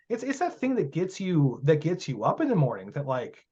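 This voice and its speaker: Casual podcast guest, man, slightly high voice, blunt and profane, emphatic storyteller; muffled lo-fi audio. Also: wildly swooping pitch, a little fast, hardly any pauses, mellow, husky. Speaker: guest, magic teacher.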